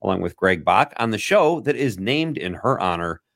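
A man's voice: fairly low pitch, very animated, normal speed, vocal fry, a bit bright, no echo, clean studio sound. A man hosting a radio talk show, chatting casually and playfully, joking with his guest. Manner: playful, joking, laughs easily.

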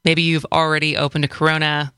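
A woman's voice: low voice, completely flat delivery, fast talker, pushed and bright, smooth, no room sound, clean studio sound. A woman hosting a casual radio talk show, chatty and upbeat. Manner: chatty, upbeat, with many restarts.

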